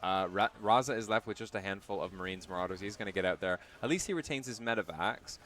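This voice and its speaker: A man's voice: fairly low pitch, fast talker, fairly bright tone, a little hiss or hum. A young man commentating a live esports match, chatty and self-deprecating, trailing into fillers as he talks. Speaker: esports caster.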